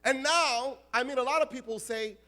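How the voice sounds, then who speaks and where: A man from the United States, an imam, preaching a sermon in an animated, humorous way and addressing the crowd directly. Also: very high-pitched, normal speed.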